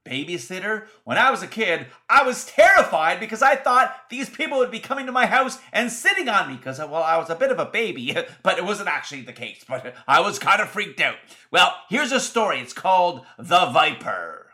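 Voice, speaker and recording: A man hosting a show, telling a comic story in a playful, animated way with laughs. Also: sits high, moderate pace, reverberant. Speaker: storyteller host.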